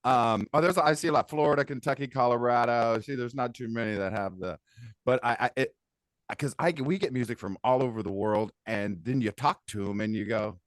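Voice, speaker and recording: A man's voice: medium pitch, a little fast, dry recording, clean studio sound. An American man chatting casually as a co-host, loose and laughing, with many restarts. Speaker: co-host reviewing songs. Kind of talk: casual chat.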